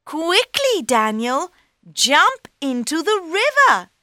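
A woman voicing a clever male talking cat in a storybook, high-pitched and excitable. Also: very slow, no room sound, clean studio sound, exaggerated voice. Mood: eager. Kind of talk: storybook reading.

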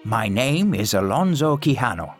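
A man voicing a gentle old knight on his deathbed, speaking softly and wearily. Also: mid-range voice, big pitch swings, moderate pace, soft background music, lightly acted. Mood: weary. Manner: soft, weary, resigned. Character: old dying male knight, weak and gentle. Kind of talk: storybook narration.

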